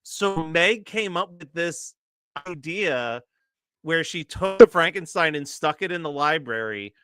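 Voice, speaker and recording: In a dry, studio-quality recording, a man in his late thirties with a slightly high, sharp, clear, and resonant voice co-hosts a casual chat. He rambles through a long story, full of fillers and frequent laughter.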